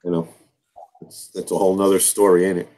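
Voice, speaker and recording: Low-voiced American man in a casual chat. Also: level tone, a little fast, dark tone, slight background noise. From United States. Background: dogs barking, birds.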